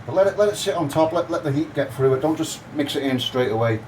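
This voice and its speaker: A man's voice: fairly high pitch, lively intonation, quick pace, a little mellow, a little hiss or hum, poor audio. A man giving a casual, cheeky and crude cooking demonstration in his home kitchen. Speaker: home cook.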